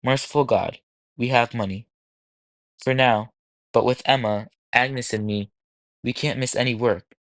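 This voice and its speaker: A man's voice: mid-range voice, fairly even intonation, unhurried, pauses often, dry recording, natural voice. A man voicing a ragged, desperate immigrant father. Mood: despairing. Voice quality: ragged, sputtering. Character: distraught stooped immigrant father, pleading. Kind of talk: audiobook character voice.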